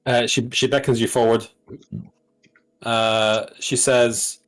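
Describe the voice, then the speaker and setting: A man narrating as game master, relaxed and describing scenes with frequent restarts. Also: medium pitch, slow, pauses often.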